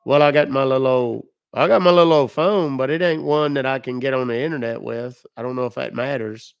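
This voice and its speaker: A man doing a gravelly folksy old codger. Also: mid-range voice, fairly quick, dry recording, close to an everyday voice. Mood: trusting. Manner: rambling, country turns of phrase. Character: folksy older man, gullible and plainspoken. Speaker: scam baiter.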